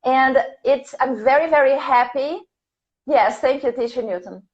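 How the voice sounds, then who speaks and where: Woman, native Portuguese speaker, slow patient English teacher, higher voice, dull lo-fi stream. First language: Brazilian Portuguese. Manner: patient, repeats questions slowly for learners. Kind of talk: live online English lesson.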